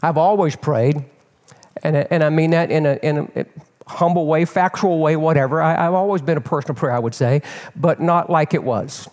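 An older man preaching as a pastor and telling a personal story in an animated, candid way, often repeating words as he builds. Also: fairly high pitch, normal speed. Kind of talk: storytelling sermon. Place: church sanctuary. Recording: long reverb of a church hall.

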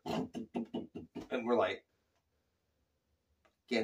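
A middle-aged man from Phoenix, Arizona, telling a childhood story casually, animated and chuckling, with loose slang. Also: fairly high pitch, slow pace, pauses often.

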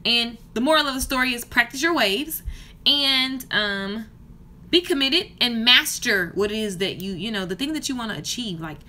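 A woman's voice: fairly high pitch, expressive, moderate pace, pushed and bright. A woman in her thirties, a hair stylist and business coach, rants passionately and casually to camera in a hotel room. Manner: passionate, fired-up ranting. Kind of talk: casual vlog rant to camera.

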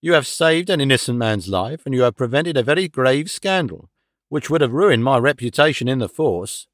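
A man's voice: mid-range voice, animated, moderate pace, no echo, clean studio sound, natural voice. A man voicing a blunt, proud police inspector in an audiobook reading.

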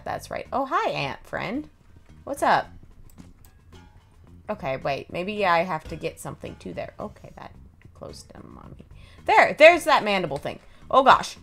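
A woman talks through a video game as she plays, chatty and prone to laughter. Her delivery is slow and leisurely, her voice has a gravelly texture, and her pitch swings up and down freely. Soft music plays behind her. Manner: chatty, thinks aloud, laughs often. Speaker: gameplay streamer. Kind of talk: casual gameplay commentary.

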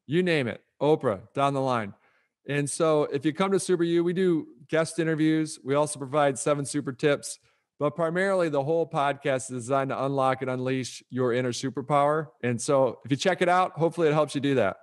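A middle-aged man who talks in an upbeat, motivational way as an author guest on a podcast interview. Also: a little high. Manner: upbeat, motivational, brisk delivery.

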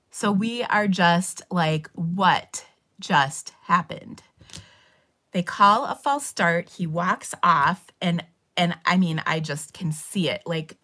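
A middle-aged woman hosting a casual livestream, emotionally retelling a story and tearing up as she talks. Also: mid-range voice. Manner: emotional, tearful retelling with rising excitement. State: crying. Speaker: craft channel host.

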